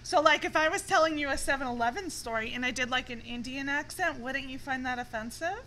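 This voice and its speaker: A high-voiced woman co-hosting a panel chat, insistent and argumentative as she presses her point. There is a clear hiss of noise in the recording. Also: a little fast, sharp tone, poor audio.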